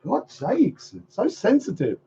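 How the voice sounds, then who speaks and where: A man's voice: high voice, wildly swooping pitch, unhurried, gravelly, dark tone, breathy edge. A man hosting a livestream, ranting in a mocking, sarcastic way and repeating phrases in a sing-song. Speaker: livestream host. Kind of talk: casual livestream rant. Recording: dull lo-fi stream audio.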